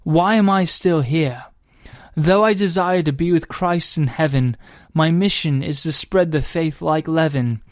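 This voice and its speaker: A man putting on a British accent to recite a devotional poem in a slow, measured way. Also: on the high side, no room sound, clean studio sound, close to an everyday voice. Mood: solemn. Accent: put-on British.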